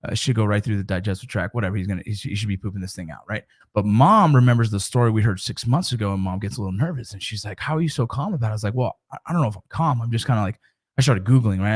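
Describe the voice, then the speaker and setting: A man in his thirties talking to camera in a loose, rambling way about his family life. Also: medium pitch. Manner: rambling, loose, with fillers and restarts. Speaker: vlogger. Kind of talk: casual monologue.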